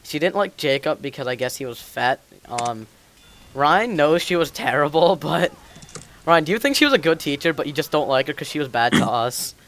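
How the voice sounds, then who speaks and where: This young male podcast host chats casually while gaming, drifting from one school anecdote to the next with plenty of filler words. He speaks at a normal speed in a fairly high, expressive voice that comes across a bit bright.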